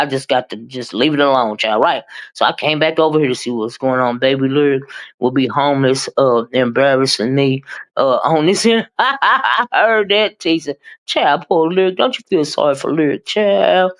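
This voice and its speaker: With a bass voice, a woman hosts a laid-back live-stream commentary in a chatty, animated style, sometimes speeding through her words and calling viewers "child" and "honey."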